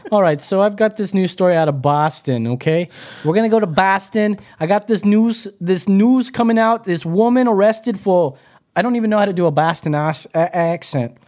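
Higher-voiced playful man bantering. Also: moderate pace. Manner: playfully mocking, lively, swears. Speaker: podcast co-host. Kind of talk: casual banter.

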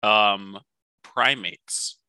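A man's voice: on the low side, drawn-out words, pushed and bright, clean tone, no room sound. A man co-hosting a podcast, chatting casually and joking with plenty of laughs. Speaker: podcast co-host.

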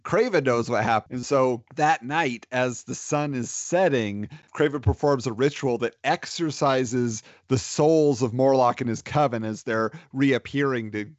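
A man's voice: mid-range voice, a little slow, few pauses, no echo. Rambling man in casual movie chat. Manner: rambling, filler-heavy storytelling. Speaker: podcast co-host. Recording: dry, dull lo-fi sound.

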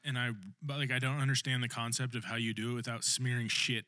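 A man's voice: medium pitch, little pitch movement, pushed and bright, dry recording, clean studio sound. A man co-hosting a podcast, telling a funny story in casual chat and laughing as he goes. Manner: laughing storyteller, rushed bursts. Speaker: podcast co-host.

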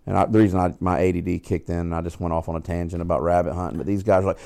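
A man's voice: low voice, steady tone, racing, gravelly, hardly any pauses, a little mellow, no echo, studio quality. A man co-hosting a casual podcast. He swears freely, laughs a lot and tells stories in put-on voices. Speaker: podcast co-host. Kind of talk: casual chat.

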